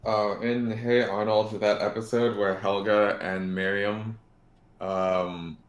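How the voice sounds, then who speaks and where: A man's voice: fairly low pitch, level tone, takes it slowly. A man co-hosting a casual podcast, rambling and laughing often. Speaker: podcast co-host. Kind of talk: casual chat. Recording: roomy echo.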